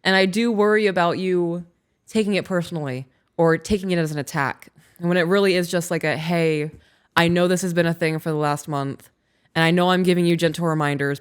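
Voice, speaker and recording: A woman's voice: on the low side, clear, resonant tone. A young adult woman co-hosting a casual podcast, laughing often and acting out what she and her husband said. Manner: laughs often, acts out quoted lines. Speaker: podcast co-host. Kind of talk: casual chat.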